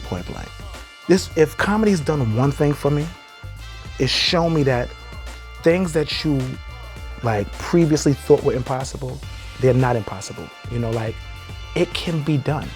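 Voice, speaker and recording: A young man doing stand-up, telling brash, profane stories and shouting his punchlines, then talking calmly in an interview. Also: fairly high pitch, unhurried, long pauses, soft background music. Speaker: stand-up comedian. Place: comedy stage before a live audience.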